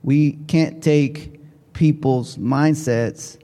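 A man giving a motivational keynote speech to educators, telling his story in an animated way with big swings in pitch and volume. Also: extremely slow. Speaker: keynote speaker. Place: large conference hall. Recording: long hall reverb.

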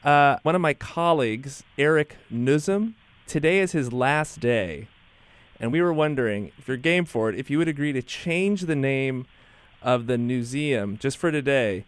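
A man co-hosting a comic podcast, playful and deadpan. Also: mid-range voice, normal speed, no room sound. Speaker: podcast co-host.

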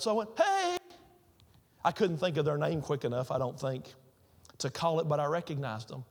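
A man with a high voice is preaching a sermon as a pastor, telling everyday stories and repeating key phrases for emphasis. The long reverb of a large hall rings around his voice.

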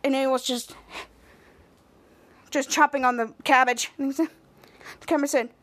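High-voiced woman recapping a show. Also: fairly even intonation, moderate pace, a bit bright. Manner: retells scene by scene, quoting characters. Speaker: podcast host. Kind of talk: casual episode recap.

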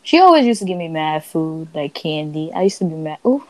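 A woman's voice: low voice, brisk, no room sound, poor audio. A young woman co-hosting a podcast, telling ghost stories in a brash, profane, casual way and acting out what people said. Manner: brash and profane, animated quoting voices. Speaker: podcast co-host. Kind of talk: casual storytelling chat.

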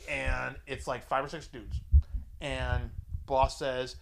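A man's voice: medium pitch, takes it slowly, gravelly, slight background noise. A man telling a crude, profane story in casual chat, acting out the voices of the people in it. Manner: profane, animated, acts out voices in his anecdotes. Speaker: podcast co-host telling a story.

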